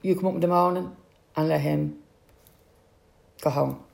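A woman's voice: low-pitched, steady tone, normal speed, gravelly, a little mellow. A middle-aged Irish woman telling a personal family story, acting out the voices of the people in it.

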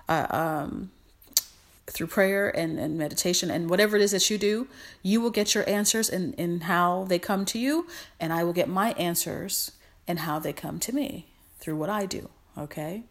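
A woman hosting a podcast, speaking in an affectionate, encouraging motivational monologue with lots of repetition. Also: fairly low pitch. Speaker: podcast host.

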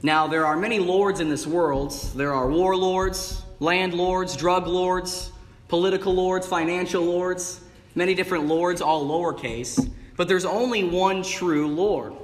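A man's voice: sits high, steady tone, measured pace. A man preaching an evening sermon in a church, with an emphatic cadence that stretches out key words. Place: church sanctuary. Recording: long reverb of a hall. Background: congregation calling out replies.

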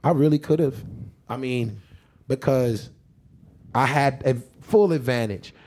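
A man telling a story on a podcast in a casual, animated and profane way. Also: medium pitch, slow. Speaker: podcast guest or host.

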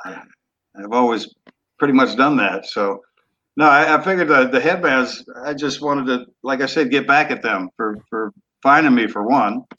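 A man's voice: medium pitch, normal speed, sharp tone, lo-fi sound. Laid-back man in his sixties. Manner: laid-back, trailing off, rough language. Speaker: guest, former football quarterback. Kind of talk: casual storytelling interview.

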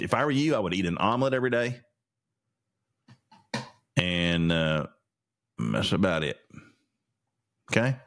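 A man's voice: lowish voice, a bit bright. A man hosting a solo podcast, ranting indignantly about the news with lots of stammered restarts. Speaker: podcast host. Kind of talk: opinionated solo commentary.

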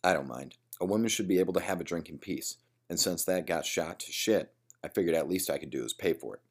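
A man's voice: low voice, fast, husky. A man reading the part of a tough young man eager for a fight, cocky and threatening.

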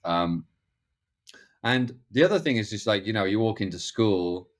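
A middle-aged man with a notably low, deep voice chats as a podcast guest. He rambles, restarts his sentences and leans on fillers as he circles toward his point. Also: animated, normal speed. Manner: acts out other people's lines in quoted voices. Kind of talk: casual conversational interview.

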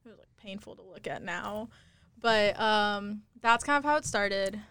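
A woman's voice: medium pitch, moderate pace, fairly bright tone, clean tone, no echo. Chatty young woman telling stories. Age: young adult. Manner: chatty storytelling, constant "like" fillers. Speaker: podcast guest. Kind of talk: casual interview chat. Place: studio on campus.

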